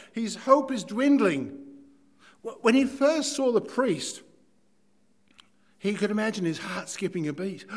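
Man, preacher, sermon, slightly high voice, dramatic, loud-to-hushed swings. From Ireland. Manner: dramatic, shifts between loud emphasis and hushed asides.

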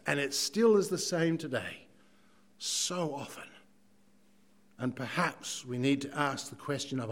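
A man from Ireland, preaching a sermon dramatically, moving between loud emphasis and hushed asides. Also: fairly high pitch.

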